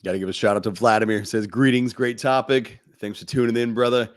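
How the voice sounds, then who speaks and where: A man's voice: medium pitch, steady tone, quick pace. A man co-hosting a fatherhood podcast, chatting casually and bluntly, swearing and laughing often. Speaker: podcast co-host.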